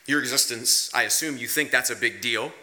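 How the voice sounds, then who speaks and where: A pastor preaching a sermon in a conversational, emphatic way, asking rhetorical questions and swinging his pace and pitch for emphasis. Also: brisk, sharp tone.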